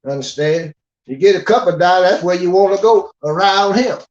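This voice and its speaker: This American guest speaker, a man with a high but darkish voice, scolds briskly in gruff slang during a blunt preaching monologue, repeating "you understand?". The recording is dull and lo-fi.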